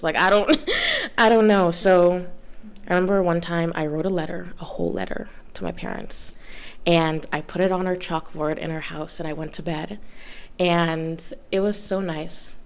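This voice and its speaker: Young woman, gravelly, lowish voice, animated storytelling, casual podcast chat. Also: unhurried. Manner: animated storytelling, acts out quotes. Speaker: podcast guest.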